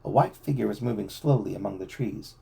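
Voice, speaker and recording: A man reads a boys' adventure novel aloud to a child at home. His voice is dark and gravelly with a husky rasp, and it rises and falls in lively storyteller fashion. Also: lowish voice, fairly quick.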